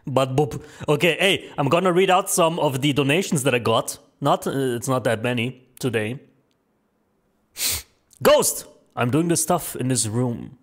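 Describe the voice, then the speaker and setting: A man's voice: mid-range voice, expressive, unhurried, pauses often. A man streaming live, reading out viewer donations in a loose, joking manner with plenty of swearing; his voice sounds worn from talking. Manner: loose, joking, profane banter. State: strained, tiring voice. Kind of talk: casual live-stream chat.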